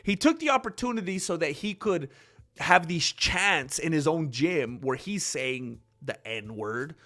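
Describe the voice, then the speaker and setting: On his MMA commentary vlog, a man with a slightly high, somewhat bright voice speaks animatedly but a little slowly. He's sarcastic and opinionated, performing both sides of an argument himself.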